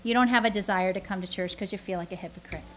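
A woman giving a lively, conversational sermon to a church audience, full of rhetorical questions and asides. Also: mid-range voice, rapid-fire, slight background noise. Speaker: speaker teaching a church audience.

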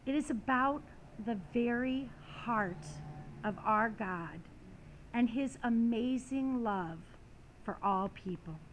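A woman delivers a sermon in a high voice. She speaks slowly and deliberately, with dramatic swells of emphasis as she retells scripture and stories. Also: dull audio, a little hiss or hum. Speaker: preacher.

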